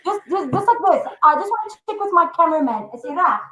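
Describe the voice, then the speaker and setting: A woman's voice: very high-pitched, big pitch swings, fast talker, pushed and bright, reverberant, rough recording. A woman with an Afrikaans South African accent, a guest on a live video call, bubbly and teasing and slipping into Afrikaans. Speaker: guest, awards organiser. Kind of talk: playful live-stream chat.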